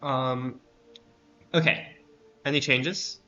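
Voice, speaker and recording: A man with a bright, forceful voice chats loosely while streaming a card game, trailing off and correcting himself, with dry sarcastic asides. The sound is dull and lo-fi, with faint music underneath. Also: mid-range voice, steady tone, extremely slow. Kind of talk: casual gameplay chat.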